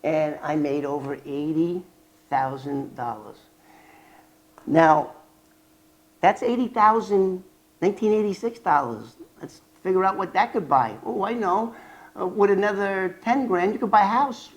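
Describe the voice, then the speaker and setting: An older man vlogging about his past as an informant, telling it in a rambling, animated way with restarts and fillers. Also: a little slow. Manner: animated, acts out quoted dialogue with sharp jumps in pitch and loudness. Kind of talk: casual storytelling vlog.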